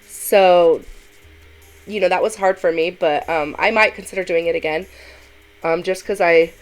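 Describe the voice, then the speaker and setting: A woman's voice: fairly low pitch, moderate pace, faint music behind. A woman hosts a reaction commentary and talks in an emphatic, opinionated way. She often acts out what she would say to critics. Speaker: commentary host.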